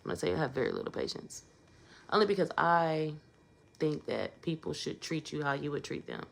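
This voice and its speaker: A woman with a strikingly deep, low voice tells a casual storytime vlog. She talks conversationally and leans into emphatic asides. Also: very animated, fairly quick, gravelly.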